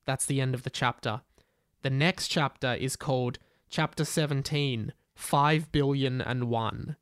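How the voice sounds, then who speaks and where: A man's voice: medium pitch, fairly even intonation, measured pace, fairly bright tone, clean tone, dry recording. Wry male podcast host, dry sound. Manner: mocking, wry asides. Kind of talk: comic reading and commentary.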